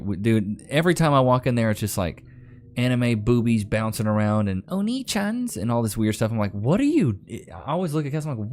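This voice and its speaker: On a casual live stream, a young Northeast Texas man reads viewer comments aloud in a laid-back Southern drawl. His voice is lowish and a little mellow, and faint music sits in the background.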